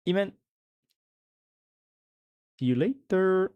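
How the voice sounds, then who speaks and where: A man's voice: high-pitched, expressive, slow pace, clean tone, muffled recording. Male streamer with a French accent, loose and rambling, answers chat and thanks followers, casual live chat. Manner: chatty, reads chat aloud and thanks followers; rambling, with fillers and giggles.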